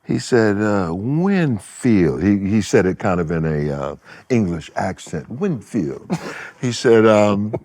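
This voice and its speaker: Very deep-voiced older man telling stories. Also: normal speed. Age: 70s. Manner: animated storyteller who acts out quotes and laughs. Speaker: guest. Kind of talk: casual interview storytelling.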